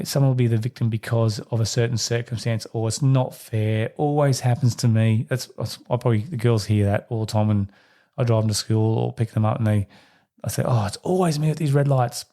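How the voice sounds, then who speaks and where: A man hosting a solo parenting podcast, talking to listeners in a reflective, conversational way. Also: mellow. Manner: acts out quoted voices in a higher pitch. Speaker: podcast host.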